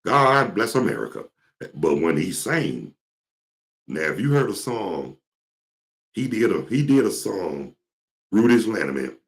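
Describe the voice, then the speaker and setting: A man's voice: deep voice, very animated, measured pace, darkish tone. A man from Georgia, hosting his talk show in a casual, rambling storytelling way. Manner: rambling, storytelling, mimics singers.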